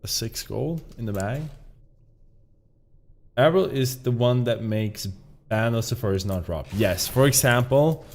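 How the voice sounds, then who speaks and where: A man's voice: mid-range voice, animated, a little slow, creaky, pauses often. A man streaming a game, chatting casually in a rambling, profane, self-mocking way. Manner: rambling, profane, laughs at himself. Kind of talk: casual live-stream commentary.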